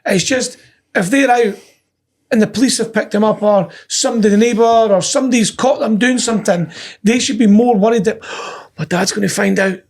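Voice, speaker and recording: A man co-hosting a business podcast, telling stories in a casual, animated way and acting out the quotes. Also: high voice, fairly quick. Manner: animated storyteller who acts out quotes. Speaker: podcast co-host. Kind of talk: casual chat.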